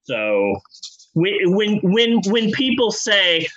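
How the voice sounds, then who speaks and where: Slightly high-voiced man telling a comedy story. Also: expressive, fairly bright tone, low-quality recording. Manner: profane, jokey, quick asides and restarts. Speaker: podcast host and storyteller.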